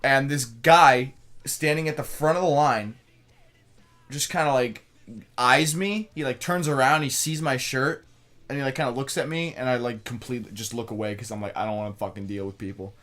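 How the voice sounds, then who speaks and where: A man's voice: mid-range voice, normal speed, a bit bright, soft background music. A young man co-hosting a casual podcast, telling a story with crude swearing and frequent laughter. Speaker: podcast co-host.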